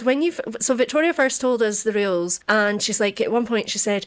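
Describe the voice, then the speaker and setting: A woman with a Scottish accent co-hosting a podcast in casual chat, jokey and quick to laugh. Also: a little high. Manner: jokey and giggly, tells stories with acted-out quotes. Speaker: podcast co-host.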